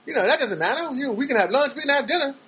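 Cocky, boastful pickup guy, as a man puts him on, pitched up high. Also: animated, very fast, pushed and bright, full character voice. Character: smooth-talking man hitting on a woman.

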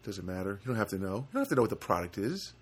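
Give me a sarcastic, rambling man with a lively voice. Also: lowish voice, very fast, husky. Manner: rambling, sarcastic, many restarts. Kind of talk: comedic rant monologue.

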